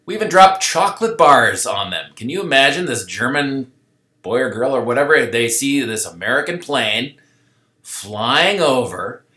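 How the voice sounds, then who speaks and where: A man teaching a history lesson over a map in a loose, conversational way, often checking in with "okay?" and acting out historical figures in quick quoted asides. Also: medium pitch, lively intonation, sharp tone. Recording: echoey room.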